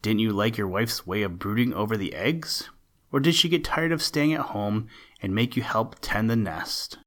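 A man's voice: on the low side, normal speed, fairly bright tone, close to an everyday voice. A man voicing a jolly little male screech owl in a storybook reading, chatting in a teasing way.

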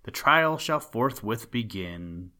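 A man's voice: on the low side, expressive, slow, pushed and bright, full character voice. A man reading as a stern, solemn king. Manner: stern, formal questioning.

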